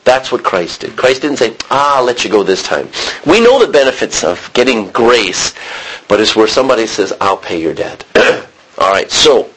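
An American man teaching a Bible sermon in a conversational way, often restarting and clearing his throat. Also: mid-range voice, a bit bright, poor audio. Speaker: preacher.

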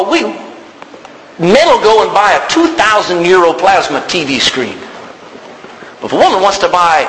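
A male preacher with a high, bright voice that swings widely as he drives his points home and calls out for an "amen." He speaks in a church, with a long reverb and faint background noise behind him. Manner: emphatic, call-and-response. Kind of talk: sermon.

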